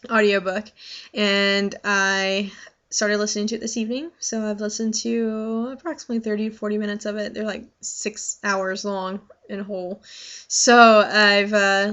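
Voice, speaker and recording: A young adult woman with a mid-range, fairly bright voice chats casually to her vlog audience, rambling with lots of fillers and restarts. The recording has a dull, lo-fi sound.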